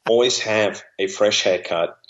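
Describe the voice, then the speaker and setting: Deep-voiced Englishman, dull recording. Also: fairly bright tone. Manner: wry, self-deprecating, measured. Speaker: guest, former Marine officer. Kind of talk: casual conversation.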